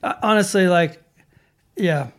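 A man's voice: high voice, unhurried, a bit bright. A man co-hosting a podcast, chatting casually and reading listener messages aloud in a laid-back, joking way. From Sweden. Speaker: podcast co-host.

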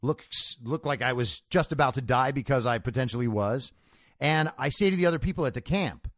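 Man, show host, solo commentary, storytelling, emphatic, lively pitch, dry close recording. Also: normal speed, dry recording.

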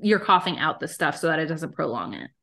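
A young woman co-hosting a podcast in casual chat, playful and teasing, quick to laugh. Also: low voice, very animated, gravelly, fairly bright tone. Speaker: podcast co-host.

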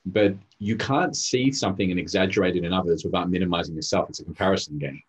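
Low, fast-talking husky man. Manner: intense, storytelling, acts out quotes. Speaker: therapist and coach. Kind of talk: casual podcast conversation.

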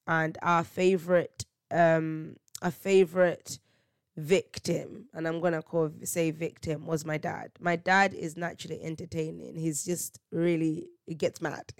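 Animated woman telling stories. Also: lowish voice, dry recording, studio quality. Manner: animated storytelling, slangy, laughs often, acts out quotes. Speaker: podcast host. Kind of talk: casual solo podcast monologue.

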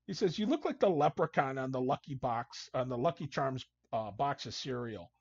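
A man's voice: medium pitch, normal speed, breathy edge, dry recording. A man, a hockey coach guest, telling casual anecdotes and acting out what people said. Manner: animated storyteller, acts out quotes. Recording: dull, dry lo-fi sound.

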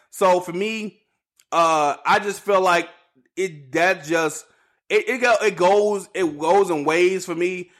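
A man with a fairly high voice hosts a casual solo sports podcast. His talk is loose, slangy, and animated, and he rambles, circles back, and repeats himself.

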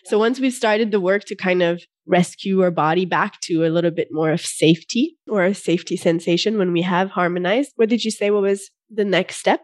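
A woman hosts a podcast interview, her voice sitting on the low side with a dry, close sound. She sums up what her guest says and asks calm follow-up questions. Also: fairly quick, few pauses, dry recording. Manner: affirming, summarizing, asks questions calmly. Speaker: podcast host and yoga teacher.

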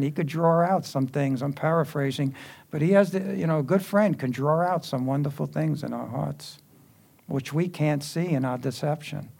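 A man's voice: a little high, vocal fry, a little mellow. A man preaching a sermon in a church, talking conversationally with quips and asides to the congregation.

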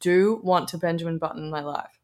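A woman's voice: on the low side, steady tone, a little fast, darkish tone. Young woman cohost just chatting, laughs a lot, does little voices for quotes. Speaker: podcast co-host. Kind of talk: casual chat.

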